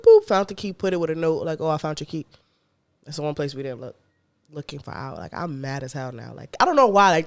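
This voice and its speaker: New woman, podcast co-host, blunt profane casual storyteller. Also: low voice. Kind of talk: casual chat.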